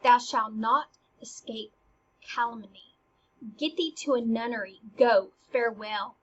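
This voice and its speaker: A scornful, bitter young prince, read aloud by a woman with a husky edge. The voice sits a little high and is not much acted. The recording is dull and lo-fi. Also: measured pace.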